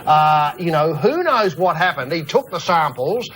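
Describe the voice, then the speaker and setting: Pompous rambling Australian comic host. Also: male voice, on the high side, sing-song, measured pace, poor audio. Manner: rambling, pompous conspiracy-spinning, building to rousing shouts. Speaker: comedy talk show co-host. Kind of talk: mock-serious comic banter. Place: TV studio with live audience. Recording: studio audience crowd noise.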